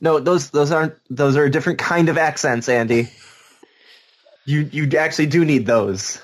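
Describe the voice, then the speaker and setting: A man co-hosting a podcast in casual chat, animated and teasing, talking in quick bursts. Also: a little high. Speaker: podcast co-host.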